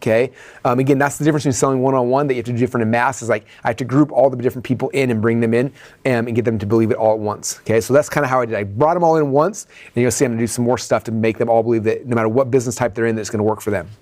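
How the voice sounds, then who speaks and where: A man coaching others as he breaks down his own sales presentation, chatting rapidly and leaning on "like" and "right?". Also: medium pitch, steady tone, darkish tone. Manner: rapid, conversational, heavy on "like" and "right?".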